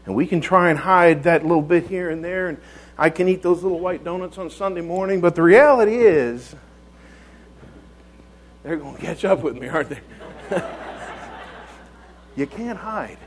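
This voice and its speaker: Casting: man with a high voice preaching a homey, conversational church sermon, full of restarts and tag questions. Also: moderate pace, long pauses, rough recording. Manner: folksy, repeats words, rhetorical tag questions.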